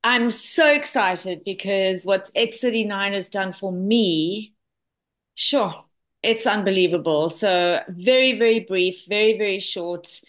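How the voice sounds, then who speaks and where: A woman in her sixties from South Africa speaks in an animated, chatty way, full of fillers and personal asides. Her voice sits at a middle pitch, and she sounds like she is on a video call. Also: takes it slowly. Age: 60s. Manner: chatty, enthusiastic testimonial with many fillers. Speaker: presenter. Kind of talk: online product presentation.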